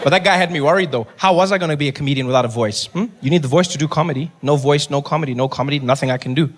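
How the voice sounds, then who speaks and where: A man from South Africa with a South African accent, performing stand-up comedy with animated storytelling that slips into character voices. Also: on the high side, racing, a little hiss or hum. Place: live comedy venue with audience.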